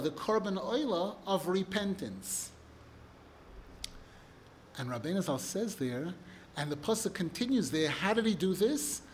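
A man with a notably high voice reads Hebrew passages aloud, then translates and explains them. His emphasis swells as he pleads a point. A faint noise sits underneath the recording. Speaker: Torah teacher. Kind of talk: text study class.

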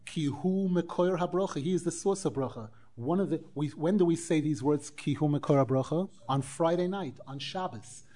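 High-pitched guy giving a torah class, lively, acts out the quotes, drops hebrew phrases. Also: normal speed, few pauses. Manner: animated, acts out quoted dialogue, mixes in Hebrew and Aramaic phrases. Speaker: rabbi teaching a Torah class. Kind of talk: Torah lecture.

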